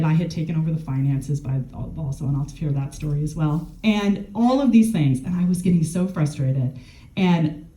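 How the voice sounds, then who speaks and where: Gerontologist woman with a dark, mellow voice. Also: deep voice, normal speed, reverberant, low-quality recording. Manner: chatty and candid, with self-deprecating laughs. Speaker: gerontologist and speaker. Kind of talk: casual conversational storytelling. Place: warm room.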